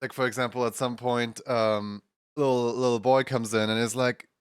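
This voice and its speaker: A man's voice: medium pitch, flat delivery, normal speed, clean tone, no room sound. Dry-voiced man streamer rambling through a story. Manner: rambling, chuckling storyteller with many fillers. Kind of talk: casual chat, retelling funny skits.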